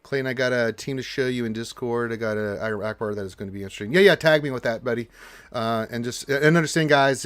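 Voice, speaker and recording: A man's voice: mid-range voice, no echo. Texas guy hosting a game stream, mid voice, rambles and cusses, dry mic. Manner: loose, rambling, swears and jokes, reads chat aloud. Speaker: gaming stream host. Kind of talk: casual live-stream chat.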